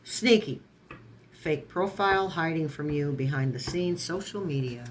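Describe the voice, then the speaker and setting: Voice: mid-range voice, unhurried, slight background noise. A tarot reader in a casual online reading who strings card keywords together, stumbles and corrects words, and adds sarcastic asides.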